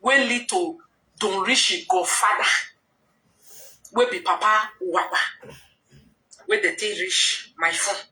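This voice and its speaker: Bright-voiced Nigerian woman, roomy and distant. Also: mid-range voice, takes it slowly, long pauses. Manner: rambling, conversational, slips into quoted dialogue. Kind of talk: casual storytelling to followers. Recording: roomy echo, distant from mic.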